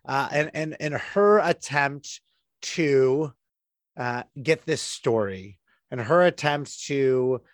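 A man's voice: medium pitch, slow, no room sound, clean studio sound. A man co-hosting a casual review chat, giving his opinions in long, flowing runs. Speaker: podcast co-host.

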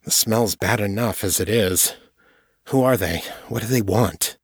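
A man voicing a tense, hushed captive man. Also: lowish voice, unhurried, breathy edge, no room sound, clean studio sound. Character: bewildered male police psychologist held captive.

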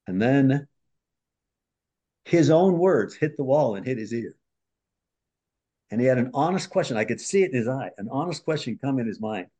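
A man with a mellow, slightly husky voice tells a client story as a podcast guest. He is an earnest storyteller who acts out the quotes, lifting or dropping his voice for each person. He is a marriage and family therapist. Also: medium pitch.

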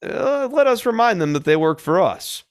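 A man's voice: high voice, very animated, moderate pace, clear, resonant tone. A man hosting a podcast, giving solo political commentary in a blunt, sarcastic way, thinking aloud with frequent fillers and restarts. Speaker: podcast host.

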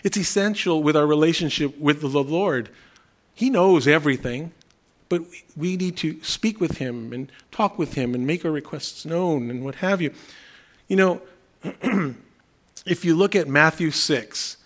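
A middle-aged man giving a conversational sermon as a pastor, telling humorous everyday stories with restarts. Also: on the high side.

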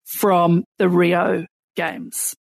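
A woman's voice: fairly low pitch, level tone, very slow, gravelly, dry recording. A woman co-hosting a podcast, recounting events at length with plenty of fillers and restarts. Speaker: podcast co-host. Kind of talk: casual podcast discussion.

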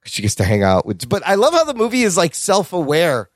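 A man co-hosting a casual movie review podcast, talking excitedly, swearing freely and acting out lines from the film. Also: high voice, brisk, dry recording, clean studio sound. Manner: excited, swears a lot, acts out quoted lines. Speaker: podcast co-host.

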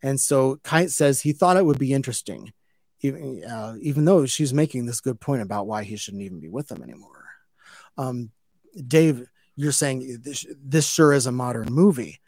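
A man casually recapping an anime episode as a podcast host, rambling with lots of fillers and restarts, growing louder and livelier when something amuses him. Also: medium pitch, normal speed, no echo, studio quality. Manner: gets loud and animated when amused.

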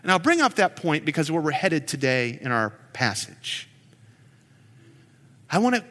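A man in his forties preaching a sermon as a pastor, telling stories in an animated, joking way. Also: a little high, unhurried, long pauses, big-room sound. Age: 40s.

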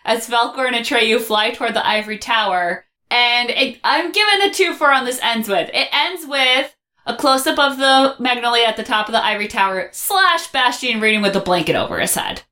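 A woman co-host on a casual podcast with a bright, forceful voice pitched a little high. She giggles often and runs through scene recaps at a quick clip. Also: animated.

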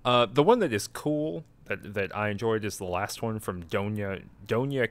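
A man's voice: lowish voice, animated, moderate pace. A sleepy man in casual chat, rambling and chuckling as he retells a video game and quotes its characters. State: sleepy, yawning.

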